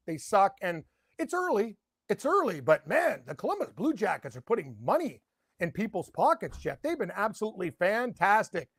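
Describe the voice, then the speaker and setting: A middle-aged man giving sports betting picks in a rambling, excitable casual chat, full of rhetorical questions. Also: sits high, dry recording, clean studio sound.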